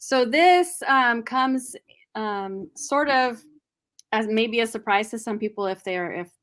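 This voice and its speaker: A woman's voice: a little high, takes it slowly, fairly bright tone. A woman hosting a live book discussion, reading out viewer comments in a chatty way. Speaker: host.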